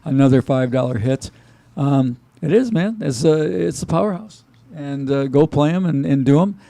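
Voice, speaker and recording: A man's voice: fairly high pitch, normal speed, gravelly, mellow, dry recording. A man co-hosting a casual chat show, talking in a laid-back, rambling way. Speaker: show co-host.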